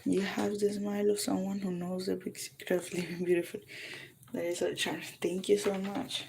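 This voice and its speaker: A woman's voice: mid-range voice, level tone, normal speed, vocal fry, noisy background. A Colombian woman with a Colombian accent chatting casually on a livestream, answering viewer comments and switching between English and Spanish. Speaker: livestream vlogger.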